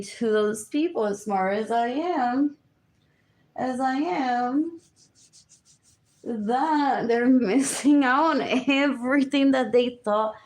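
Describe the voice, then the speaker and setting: A woman's voice: fairly high pitch, darkish tone. A young adult woman rambling alone on a livestream, switching between English and Spanish, repeating herself and muttering asides. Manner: slow, drifting and repetitive, with muttered asides. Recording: roomy echo.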